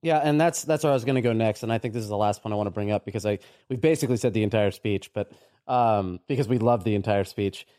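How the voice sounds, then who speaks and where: A man co-hosting a podcast in casual discussion, halting and often restarting, but agreeable. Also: fairly low pitch, warm tone, smooth, no room sound, clean studio sound. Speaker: podcast co-host.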